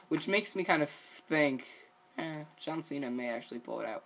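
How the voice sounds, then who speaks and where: A man rambles through a wrestling show recap in a relaxed, unscripted way. He leans on filler words and drops casual swears as he goes. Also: mid-range voice, normal speed, vocal fry. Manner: rambling, loose, full of "you know" and "like".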